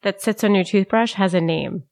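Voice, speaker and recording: A woman's voice: mid-range voice, brisk, a little mellow. A woman co-hosting a casual podcast, eagerly sharing trivia facts and laughing often. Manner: shares trivia facts, giggly. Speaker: podcast co-host. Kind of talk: casual chat.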